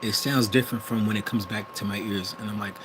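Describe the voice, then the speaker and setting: Talking fast in a lowish, steady voice, a young vlogger with a Wisconsin accent from the US Midwest delivers a casual, rambling monologue. He hesitates, restarts and corrects himself repeatedly while vehicle sounds play in the background.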